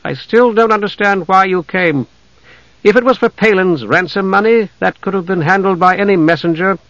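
A man's voice: high-pitched, moderate pace, fairly bright tone, no room sound, highs cut off, voice pushed up. Man voicing a blunt, exasperated bearded warrior. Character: gruff bearded older male warrior, blunt. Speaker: audiobook narrator.

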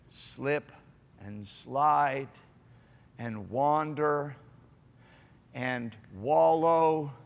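A man preaching a sermon as pastor, dramatic, swinging from hushed to loud. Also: a little high, in a large hall.

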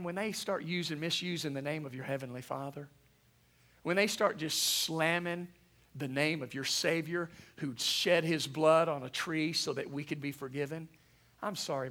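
A middle-aged pastor preaching with a lively call-and-response manner. His voice sits somewhat high and carries a gravelly edge. The tone is bright and forceful. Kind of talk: sermon.

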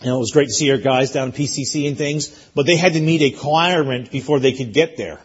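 A man preaching a sermon as pastor, emphatic and repetitive, rising to loud peaks. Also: medium pitch, fast talker, slightly rough, dull audio. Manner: emphatic, repeats phrases, rises to loud peaks.

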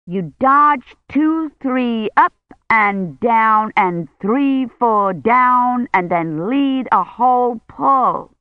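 A woman's voice: on the high side, animated, no echo, pitched above the performer's own voice. A reader voicing an exacting female bell-ringing instructor who counts out the steps. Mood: instructing. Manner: commanding, counts out steps slowly. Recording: dull lo-fi sound.

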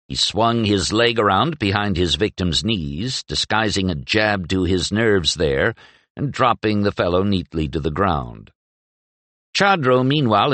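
A man reading a novel aloud as an audiobook narrator, in expressive, measured storytelling. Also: deep voice, dry recording. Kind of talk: scripted narration.

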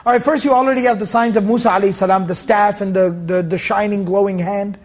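High-voiced man teaching a Quran lesson. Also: steady tone. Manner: explains with everyday analogies, casual filler words; recites verses in a quick chanted cadence. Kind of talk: tafseer lesson.

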